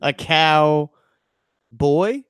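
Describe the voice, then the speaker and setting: A man's voice: a little high, drawn-out words, fairly bright tone, smooth, dry recording, clean studio sound. A man co-hosting a casual podcast, reacting briefly and cutting in to question the story. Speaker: podcast co-host. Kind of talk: casual chat.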